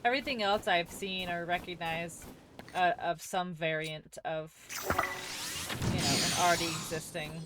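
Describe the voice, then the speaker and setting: A woman's voice: lowish voice, steady tone, moderate pace, noisy background. A woman streaming a video game, chatting casually and reacting aloud as she answers her chat. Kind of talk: casual gameplay commentary.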